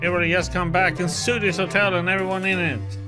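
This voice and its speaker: Man putting on a pleading hotel cleaner, high and whiny, game music underneath. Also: little pitch movement, fast, lightly acted. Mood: outraged.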